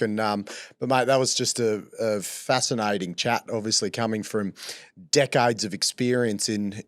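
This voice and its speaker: A man's voice: mid-range voice, dry recording, studio quality. A man with an Australian accent co-hosting a podcast, chatty and blokey, swearing casually and calling everyone mate. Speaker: podcast co-host. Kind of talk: casual chat.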